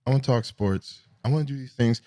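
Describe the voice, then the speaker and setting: A middle-aged man hosting a solo podcast, talking casually in a rambling, profane, animated way. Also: fast talker. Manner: animated, profane, rambling, swings between high and low pitch. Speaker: podcast host.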